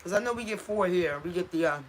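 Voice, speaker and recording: A woman's voice: lowish voice, animated, quick pace, a little hiss or hum. A woman hosting a casual livestream, chatting with viewers and reading out their comments, tripping over unfamiliar place names. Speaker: channel host.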